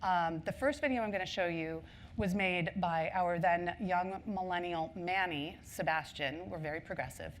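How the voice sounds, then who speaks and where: A woman's voice: on the low side, normal speed, slight background noise. A woman speaking at a marketing conference. She tells stories in a chatty way, with lots of ums and asides. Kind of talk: conference talk.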